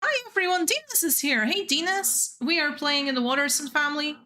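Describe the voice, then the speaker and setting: Young female streamer, chatty and giggly, highish bright voice. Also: fairly quick, slight background noise. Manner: rambling, chatty, laughs often. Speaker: game streamer. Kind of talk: casual chat while gaming.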